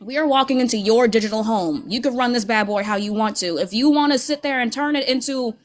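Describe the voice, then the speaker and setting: A woman with a higher voice joins a casual online panel as a guest. Her talk is sassy and playful, and she owns up to her feelings frankly. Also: fast talker.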